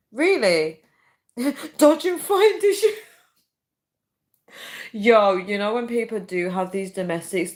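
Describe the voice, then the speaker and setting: Chatty laughing woman livestreamer. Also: fairly low pitch. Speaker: livestream host. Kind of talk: casual livestream chat reading comments.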